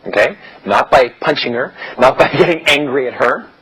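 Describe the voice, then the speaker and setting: A man's voice: mid-range voice, animated, moderate pace, a bit bright. A man giving a casual seminar-style lecture as a dating coach, blunt and chatty, often acting out quoted dialogue. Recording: dull lo-fi recording with faint hiss.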